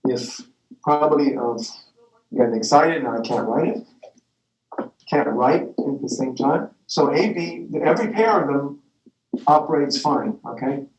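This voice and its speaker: A man's voice: mid-range voice, expressive, measured pace, echoey room, poor audio. A man lecturing a math class, rambling and correcting himself as he goes, with the odd chuckle. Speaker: math professor.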